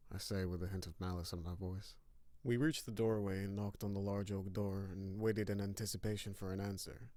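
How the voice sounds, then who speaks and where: A man giving a scripted narration of a horror story with steady, grim storytelling. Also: deep voice, fairly quick, no room sound.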